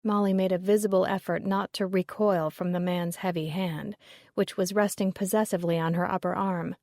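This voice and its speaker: A woman reading a story aloud as narrator in steady, measured narration. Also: lowish voice, no echo, studio quality. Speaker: audiobook narrator. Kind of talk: scripted narration.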